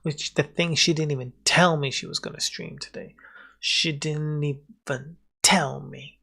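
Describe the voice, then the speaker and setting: A man's voice: on the high side, steady tone, a little slow, vocal fry, sharp tone, slightly rough. Jokey British man streaming a game. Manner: jokey, rambling banter with chat. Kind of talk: casual livestream chat.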